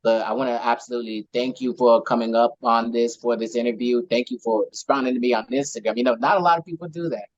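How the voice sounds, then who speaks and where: A man's voice: mid-range voice, steady tone, fast talker, hardly any pauses, no room sound. A male interviewer asks questions and thanks his guest over a video call in an upbeat, friendly way. The audio is dull and dry, like a compressed call. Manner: upbeat and thankful, says "man" often. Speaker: podcast interviewer.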